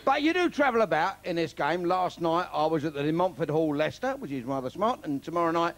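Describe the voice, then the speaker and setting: A man's voice: a little high, big pitch swings, quick pace. An older man from London with a Cockney accent, delivering a bawdy stand-up comedy routine in punchy one-liners. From London, England.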